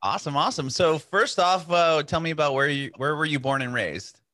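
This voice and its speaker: A man's voice: on the high side, a little fast, sharp tone, no room sound, studio quality. A man hosting a podcast over a video call, upbeat and laid-back, calling things awesome and rad. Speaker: podcast host.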